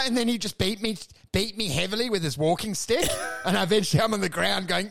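A man riffs through a crude comic rant on a podcast, his voice sitting high with a gravelly rasp. He rambles, curses often and breaks into shouted, squealing impressions of the people in his stories. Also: fast. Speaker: podcast co-host.

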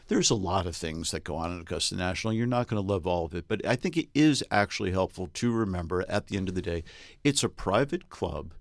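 A man, a golf reporter co-hosting a podcast, talking in a thoughtful, halting way with many fillers and restarts. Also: deep voice, lively intonation, no room sound, clean studio sound. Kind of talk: casual podcast chat.

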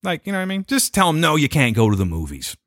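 A man on a podcast tells a story in a casual, profane way, slipping into quick impressions of the people involved. His pitch moves a lot. The sound is dry and close to the mic. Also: no room sound. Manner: profane, animated retelling with put-on quotes. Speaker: podcast co-host.

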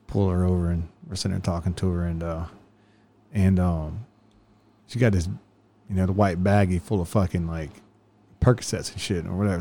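A man telling police stories in casual chat, swearing constantly and laughing often. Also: deep voice. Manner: profane, laughing often, animated when quoting. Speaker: law enforcement officer telling stories.

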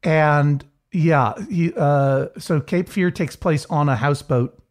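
This podcast co-host talks slowly in a fairly high voice. Chatting casually, he wanders from point to point and keeps breaking off to start over.

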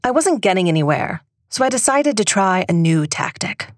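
A woman in a comedy sketch playing it straight with a mock-serious noir detective narration. Her voice sits at an ordinary pitch and stays deadpan throughout. The recording is close and dry. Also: normal speed, no room sound.

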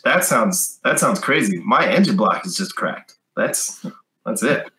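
A man's voice: on the low side, animated, a little slow. A man in casual chat who laughs often and reacts briefly. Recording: roomy, faint noise.

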